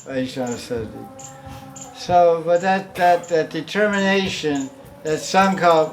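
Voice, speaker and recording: Taking his time, a man with a slightly high voice teaches a devotional class over faint background noise. He keeps it loose and conversational as a spiritual teacher, laughing often and performing the pleas he cites.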